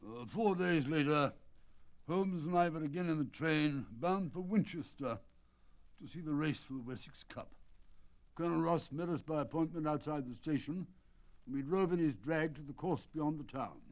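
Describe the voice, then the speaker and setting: Older male narrator, theatrical and measured, lively pitch. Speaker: audiobook narrator. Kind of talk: dramatic audiobook reading.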